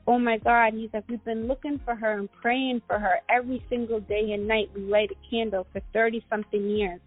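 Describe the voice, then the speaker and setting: A woman's voice: on the high side, narrow, tinny audio. A middle-aged woman from Guatemala, a guest entrepreneur in an interview, telling a personal story in a rambling way with many fillers and restarts.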